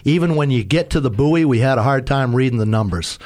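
A man's voice: medium pitch, lively intonation, a little fast. A man casually telling a rambling, self-mocking story about sailing in fog. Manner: rambling, self-mocking, acts out quoted shouts. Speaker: sailor telling a sea story.

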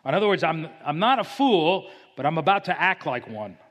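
A man's voice: on the high side, very animated, brisk, fairly bright tone, long reverb tail. A man preaching an expository sermon, reading scripture dramatically with rising emphasis. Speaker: pastor.

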